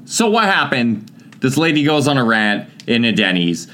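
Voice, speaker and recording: A man's voice: medium pitch, big pitch swings, moderate pace, bright, forceful tone. A young man co-hosting a casual banter podcast, sarcastic and jokey, with lots of filler uhs and some swearing. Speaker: podcast co-host.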